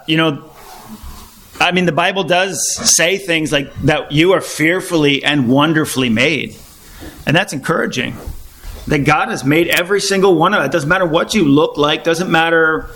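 Preaching casually to a small congregation, this man has a slightly high, somewhat bright voice. He talks in a conversational way, with restarts and frequent throat clearing.

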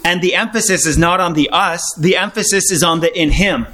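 A man with a notably high voice preaches in an earnest, informal way. He keeps returning to his main point and puts rhetorical questions to his listeners. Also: brisk, sharp tone. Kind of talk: informal Bible teaching.

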